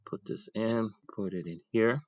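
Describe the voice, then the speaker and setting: Low-voiced man teaching an ink drawing demo. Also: unhurried, no room sound, muffled recording. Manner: talks while drawing, thinking aloud, chatty asides. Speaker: art teacher. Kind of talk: casual drawing demonstration.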